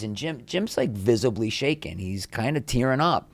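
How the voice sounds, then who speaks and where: As a podcast guest, a middle-aged actor recounts candid behind-the-scenes stories, animatedly performing what others said. He speaks at a medium pitch and normal speed with few pauses, and there's no echo.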